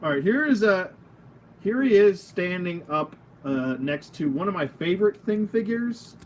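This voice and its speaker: Sitting at a table of figures at home, a channel host gives an unscripted, casual toy review, wandering off on tangents, being goofy and chuckling at himself. His voice is high with lively intonation and a slightly slow pace, and there's slight background noise.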